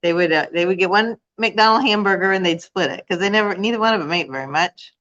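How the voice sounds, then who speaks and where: A woman's voice: medium pitch, fast, a bit bright, slight background noise. An older woman, a grandmother, chatting casually and giggling on a livestream, reading out viewer comments on a dull, lo-fi recording. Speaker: co-host.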